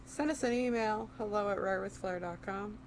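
A young woman co-hosting a podcast, chatting casually with bubbly quick interjections. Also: mid-range voice, slight background noise. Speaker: podcast co-host. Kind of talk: casual chat.

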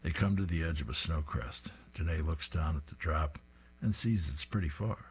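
A man's voice: rumbling low, normal speed, slight background noise. A man reading comic strips aloud, describing each panel with an amused tone. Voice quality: husky.

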